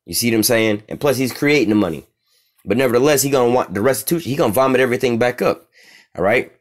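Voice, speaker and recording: With a medium pitch and lively intonation, a man in the role of religious teacher reads verses slowly, gives offhand, profane commentary, and keeps asking "all right?"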